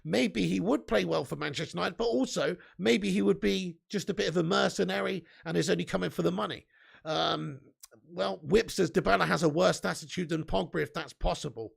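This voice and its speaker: Young man, live-stream host, high gravelly voice, sweary banter. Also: a little fast. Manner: banter with frequent swearing and laughter. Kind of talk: casual live-stream chat.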